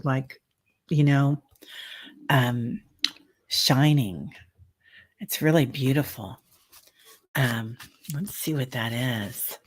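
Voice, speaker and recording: A middle-aged woman hosts a tarot and mediumship livestream. She talks at an unhurried, slow pace and rambles through family stories full of filler words. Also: extremely low pitch, a little mellow. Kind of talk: casual livestream chat with viewers.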